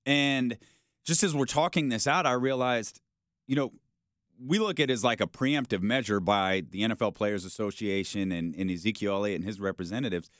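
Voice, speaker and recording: A man hosting a sports talk show, arguing his point in a casual, animated way and acting out how people might react. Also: lowish voice, a little fast, dry recording, clean studio sound. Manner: animated, argumentative, acts out quoted reactions.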